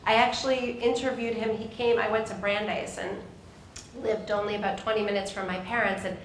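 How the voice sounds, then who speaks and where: A woman's voice: mid-range voice, fairly quick. A middle-aged woman moderating an event, telling a personal story to an audience with feeling and acting out voices, on a microphone in a synagogue hall. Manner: emotional, animated, acts out voices in her story. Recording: echoey hall with faint noise.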